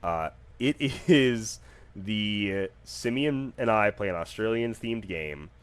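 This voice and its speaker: A man with a low voice hosts a solo podcast. He rambles through stories in a casual, joking way, with frequent fillers and lively bursts of emphasis. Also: takes it slowly, clear, resonant tone, no echo. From United States. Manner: animated, jokey, rambling with fillers. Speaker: podcast host.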